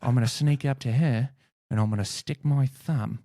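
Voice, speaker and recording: A man voicing an excitable Australian wildlife-show presenter in a hammy, mischievous put-on Australian accent, as an improv bit. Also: medium pitch, normal speed, no room sound, studio quality, natural voice.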